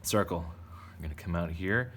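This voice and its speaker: A man's voice: low voice, normal speed, a bit bright, a little hiss or hum. A man casually teaching kids to draw, playful and chatty as he narrates each step. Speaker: art teacher. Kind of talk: casual drawing tutorial for kids.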